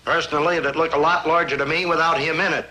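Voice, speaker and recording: An actor playing a grumbling, tight-fisted middle-aged father who complains gruffly in a 1960s sitcom style. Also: fairly high pitch, steady tone, fast, heavy background noise, natural voice. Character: grumbling penny-pinching middle-aged dad.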